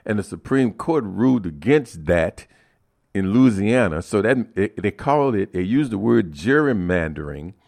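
Low-voiced radio host, halting and emphatic. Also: male voice, lively intonation, vocal fry, darkish tone. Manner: halting, repeats words, rises emphatically on key points. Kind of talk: community radio talk, addressing listeners.

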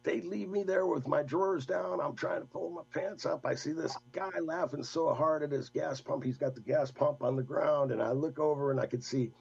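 Gravelly older man telling a story. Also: on the high side, normal speed, few pauses, highs cut off. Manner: rambling, animated anecdote with laughs. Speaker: guest. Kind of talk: casual storytelling.

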